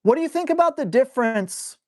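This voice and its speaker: A man's voice: very high voice, lively intonation, brisk, dry recording, clean studio sound. Man, dog trainer running a live Q&A: loose, blunt, a bit crude, answers viewer questions on the fly. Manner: blunt, casual, salty language; reads viewer questions aloud and answers them. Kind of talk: live stream Q&A.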